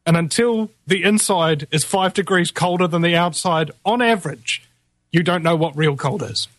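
A rambling radio host, talking in a fairly high voice full of "uh"s and restarts. The sound is very dry and close, with no room around it. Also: male voice, moderate pace, fairly bright tone, no room sound. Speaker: radio talk show host. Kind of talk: casual live radio talk.

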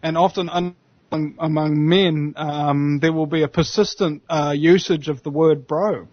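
A man from New Zealand with a New Zealand accent, chatting casually as a guest in an animated, slangy way. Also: a little high, normal speed, no echo, highs cut off. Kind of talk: casual chat.

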